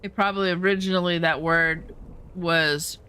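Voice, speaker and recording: A woman's voice: on the low side, steady tone, normal speed, bright, forceful tone, clear, resonant tone. A woman streamer giving playful, joking commentary while she plays a game. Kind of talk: casual gameplay commentary.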